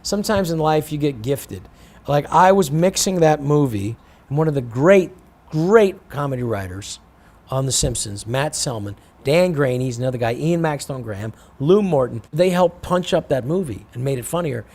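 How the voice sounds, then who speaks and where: A man's voice: a little high, expressive, normal speed, a little mellow. A man from San Francisco, a show guest, telling rambling anecdotes, acting out other people's voices and swearing freely. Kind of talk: animated storytelling.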